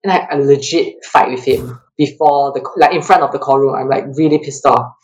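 Animated woman telling stories. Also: brisk, rough recording. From Singapore. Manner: animated, laughing, acts out quotes with rising pitch. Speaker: track athlete guest. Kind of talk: casual interview storytelling.

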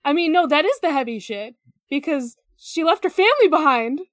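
A woman's voice: sits high, very animated, brisk, no echo, studio quality. A woman co-hosting a podcast in casual chat, rambling and hesitant with many fillers. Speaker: podcast co-host.

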